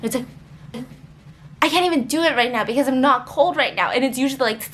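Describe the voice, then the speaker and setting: A woman's voice: high-pitched, fast, slight background noise. A woman vlogger telling a story in a casual chat, laughing often and acting out what people said. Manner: animated, laughs often, acts out quotes.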